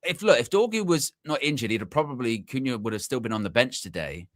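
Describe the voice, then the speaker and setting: A man co-hosting a fan show in casual football chat, animated and joking. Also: quick pace, no room sound, clean studio sound. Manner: animated, mimics friends in high voice.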